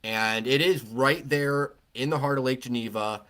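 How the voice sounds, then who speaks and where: A man's voice: medium pitch, normal speed, fairly bright tone. A man co-hosting a casual beer podcast, talking in a rambling, conversational way with frequent restarts. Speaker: podcast co-host. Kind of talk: casual chat.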